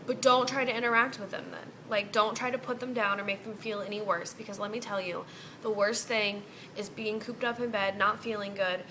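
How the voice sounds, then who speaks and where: A woman's voice: mid-range voice, steady tone, brisk, bright, forceful tone, a little hiss or hum. A young woman in a casual vlog, venting bluntly and cursing freely. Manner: blunt, heavy cursing, exasperated. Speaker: vlogger.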